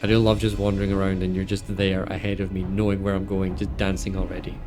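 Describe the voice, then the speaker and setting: A man's voice: low voice, monotone, fast talker, hardly any pauses, a little mellow. Upbeat man streaming a game. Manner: chatty and upbeat, laughs often and jokes at himself. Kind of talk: casual gameplay commentary. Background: video game music.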